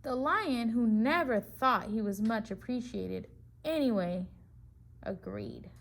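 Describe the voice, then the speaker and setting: A woman reading a picture book aloud to preschoolers at a slow, easy pace. Her voice sits fairly high, and she stops now and then to put questions to the children. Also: very animated. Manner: pauses to ask children questions. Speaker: preschool teacher.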